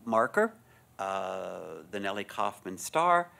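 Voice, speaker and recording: A man chairing a city preservation board meeting, speaking haltingly with many fillers and restarts into a desk microphone in a city hall chamber. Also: on the low side, creaky, a bit bright. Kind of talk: public meeting remarks.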